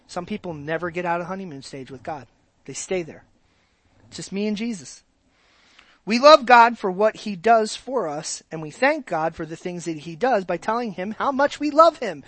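A man's voice: high-pitched, a bit bright, no room sound. A man preaching a sermon as pastor, talking to the congregation conversationally, asking rhetorical questions and repeating his words.

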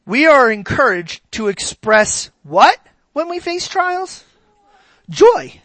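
A preacher giving a sermon, animated and asking the congregation rhetorical questions. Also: high-pitched, slow pace, dry recording, poor audio.

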